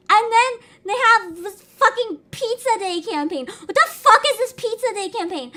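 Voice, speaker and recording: A young adult woman streaming live, ranting loudly with swearing and laughter while greeting her chat. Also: very high-pitched, lively intonation, normal speed, few pauses, soft background music. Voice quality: avatar anime streamer voice. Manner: loud, laughing, swearing rants.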